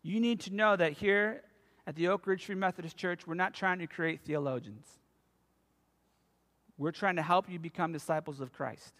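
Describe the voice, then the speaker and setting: High-voiced pastor preaching in a reverberant hall. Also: male voice, normal speed. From United States. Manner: animated storytelling, emphatic. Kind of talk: sermon. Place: church sanctuary. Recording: long reverb of a church hall.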